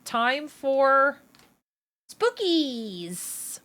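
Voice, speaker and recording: A woman with a mid-range, slightly bright voice chats casually with her livestream viewers at a normal pace. She's animated, playful and teasing, joking around with the chat.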